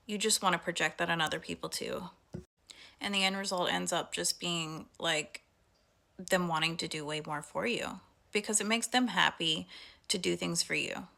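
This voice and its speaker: A woman's voice: fairly low pitch, vocal fry, pushed and bright. A young adult woman talking through a heartfelt personal monologue, chatty and full of fillers. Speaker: vlogger.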